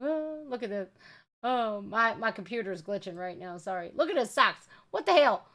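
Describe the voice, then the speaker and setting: A woman hosting a livestream reaction show, talking in a fiery, profane way with loud outbursts. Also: medium pitch, lively intonation, moderate pace. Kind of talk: heated reaction commentary.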